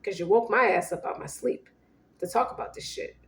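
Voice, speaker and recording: A woman's voice: medium pitch, fairly quick, reverberant. A woman giving a casual tarot reading in a blunt, profane way, voicing both partners in turn. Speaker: tarot reader.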